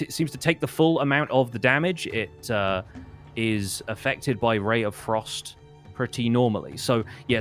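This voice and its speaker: A man's voice: medium pitch, a bit bright. A man narrating as game master of a streamed tabletop game, patiently explaining rules with lots of fillers.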